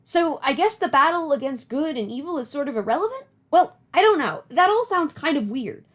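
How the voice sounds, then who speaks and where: An eager young boy hero gushes with breathless, boyish excitement, as a woman puts him on. His voice rides high and leaps around a lot. He sounds keyed-up and ready for adventure. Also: unhurried, exaggerated voice. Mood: excited.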